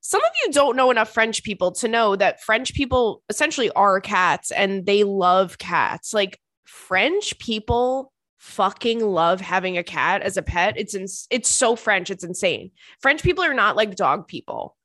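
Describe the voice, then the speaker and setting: A woman in her thirties hosts a podcast, answering listener emails in a loose, chatty way, rambling and swearing without restraint. Her animated, middling-pitched voice is fairly bright and moves at a measured pace. The recording is dry and close, with no room echo.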